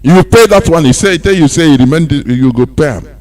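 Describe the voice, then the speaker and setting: A Nigerian man hosting a radio talk show, speaking in a loose, animated monologue that mixes in pidgin. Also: on the high side, a little fast, no echo. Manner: animated, mixing pidgin and laughing asides. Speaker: radio host.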